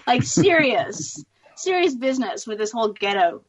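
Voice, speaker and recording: A woman's voice: fairly high pitch, very animated, normal speed, highs cut off, crowd noise. A woman in her forties from Long Beach, California, with an American accent, chatting frankly and laughing often as a guest on a call from home. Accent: Southern Californian American. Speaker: guest actress. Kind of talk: casual chat. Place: home, with children nearby.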